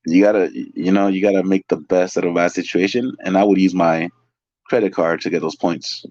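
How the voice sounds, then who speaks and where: Deep-voiced, chatty man from California. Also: a little fast, dry recording, dull audio. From California, San Francisco Bay Area. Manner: chatty, loose, lots of fillers and restarts; excitable, laughs through stories. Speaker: interview guest, restaurant waiter. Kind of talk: casual storytelling.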